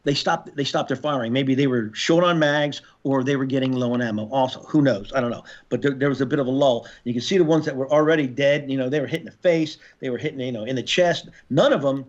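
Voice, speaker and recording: A man in his sixties, a former Marine and podcast guest, telling war stories in a casual, profane way and shouting out reenacted orders. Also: medium pitch, fast talker, hardly any pauses. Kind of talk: casual storytelling interview. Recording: slightly dull podcast audio.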